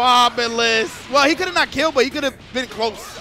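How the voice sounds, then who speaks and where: A man doing live commentary on a fighting game match, excitable and swearing freely, breaking into shouts. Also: very high voice, brisk, hardly any pauses, soft background music.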